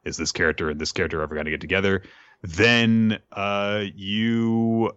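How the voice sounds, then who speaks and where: Male podcast co-host, low and bright, dry close sound, rambling chat. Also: little pitch movement, normal speed, smooth, no echo, dull audio. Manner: rambling, laughs often, fillers.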